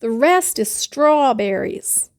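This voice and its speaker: A woman voicing a cheerful, literal-minded housekeeper in a storybook reading, high and sing-song. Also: expressive, creaky, full character voice. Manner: sing-song, drawn-out, folksy.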